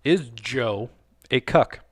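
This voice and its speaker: A man's voice: mid-range voice, extremely slow, slightly rough, no echo, clean studio sound. A man in his thirties co-hosting a casual podcast while drinking, boisterous and profane, jumping between topics. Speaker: podcast co-host.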